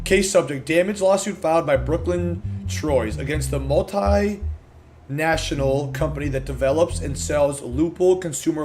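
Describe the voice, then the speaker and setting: A man streaming a video game, reading and reacting in a loud, slangy, profane and excitable way. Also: on the high side. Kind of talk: casual gameplay commentary.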